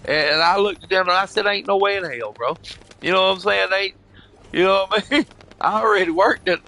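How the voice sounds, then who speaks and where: This gamer on voice chat is an older man whose high voice comes out brisk, pushed and bright. His casual storytelling rambles, turns emotional and profane, and is peppered with "bro" and "you know what I mean."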